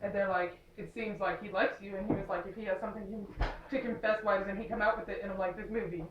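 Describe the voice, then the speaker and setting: A woman's voice: medium pitch, steady tone, quick pace, reverberant, recorded from a distance, dull audio, noisy background. A young woman casually recapping a movie, rambling with lots of fillers and sarcastic asides. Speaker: movie reviewer.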